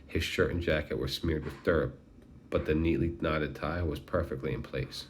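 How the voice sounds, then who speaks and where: A man reading a novel aloud in steady, measured narration. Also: rumbling low, slight background noise. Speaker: audiobook narrator. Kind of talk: scripted narration.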